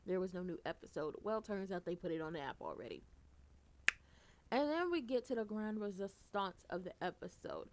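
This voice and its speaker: Gravelly woman ranting a recap. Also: mid-range voice, moderate pace, noisy background. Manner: animated, blunt and profane, swings loud for emphasis. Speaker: soap opera recapper. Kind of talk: casual commentary recap.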